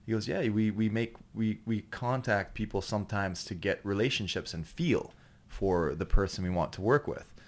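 Low-pitched man, podcast guest, loose and profane, keeps restarting his sentences. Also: normal speed. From Canada. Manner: profane, rambling, with many restarts. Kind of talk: casual storytelling chat.

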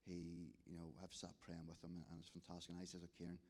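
In a low, monotone, slightly mellow voice with a breathy edge, a Northern Irish man talks fast through his church testimony. A restorative justice volunteer, he dramatizes the conversations and frequently restarts.

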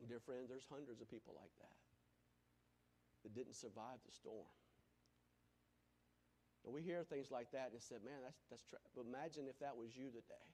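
A man preaching a sermon, moving between loud, emphatic lines and hushed, nearly whispered ones. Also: medium pitch, moderate pace, pauses often, slight background noise.

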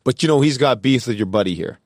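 A man's voice: medium pitch, expressive, fast talker, no echo, studio quality. A man hosting a casual chat, setting up hypothetical scenarios in a narrating way. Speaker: host posing scenarios.

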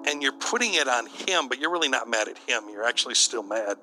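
A man's voice: medium pitch, animated, fairly quick, music in the background, rough recording. A middle-aged man, a bishop, preaching to church leaders in a conversational, storytelling way.

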